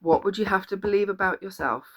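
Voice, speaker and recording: A woman's voice: mid-range voice, fast talker. A woman life coach giving an earnest, encouraging motivational talk to the camera, repeating key phrases for emphasis. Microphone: camera or phone video.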